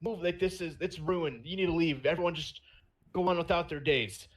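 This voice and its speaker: Frustrated male player, as a man quotes him, barking orders to clear out. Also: fairly high pitch, fairly even intonation, normal speed, pitched above the performer's own voice, natural voice, rough recording. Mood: exasperated. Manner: exasperated, ordering others away. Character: frustrated male role-player calling off the game.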